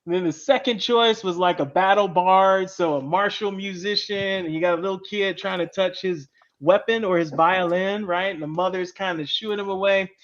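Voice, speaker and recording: A man who hosts a show and writes comics leads a casual panel chat about comic writing, explaining things step by step and adding "right?" to his points. His voice sits high with fairly even intonation at a moderate pace, and the recording is muffled.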